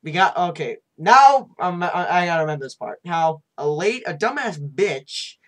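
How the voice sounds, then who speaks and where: A man's voice: fairly high pitch, moderate pace, fairly bright tone. A man hosting a casual movie review, talking in a rambling way and restarting his sentences. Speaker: channel host, movie reviewer.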